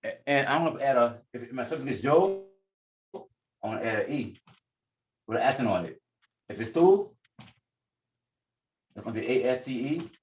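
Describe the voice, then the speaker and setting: A man's voice: mid-range voice, animated, moderate pace, pauses often, echoey room. A man teaching a class at a board, explaining informally and correcting himself as he goes. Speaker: Spanish teacher.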